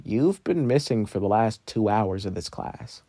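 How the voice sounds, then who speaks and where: A man doing a worn-out schoolteacher, plain-spoken and a little exasperated but kind underneath. The voice is low and dry, with a close, unechoing sound. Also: expressive, measured pace, warm tone, no echo. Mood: weary. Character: weary but caring adult teacher.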